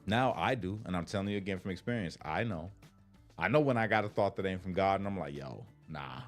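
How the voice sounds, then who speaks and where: A man's voice: deep voice, quick pace, soft background music. A man giving a casual preaching livestream, slangy and conversational, repeating his points and laughing often. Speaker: faith livestreamer.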